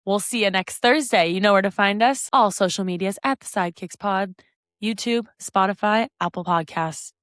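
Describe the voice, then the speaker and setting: A woman's voice: medium pitch, moderate pace, fairly bright tone, no echo, clean studio sound. A woman co-hosting a podcast, chatting casually in an easygoing, laughing way. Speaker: podcast co-host. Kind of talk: casual chat.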